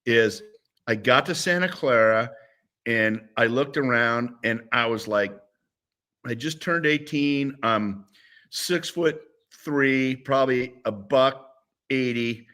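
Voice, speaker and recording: A man's voice: medium pitch, takes it slowly. A man in his sixties, a former football player, telling stories as a guest in a casual interview. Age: 60s. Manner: animated storyteller.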